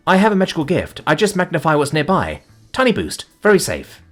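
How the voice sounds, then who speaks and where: A man's voice: fairly high pitch, wildly swooping pitch, fairly quick, faint music behind, pitched above the performer's own voice. A man voicing an eager, clerk-like male mage who speaks in a breathless, cheerful way.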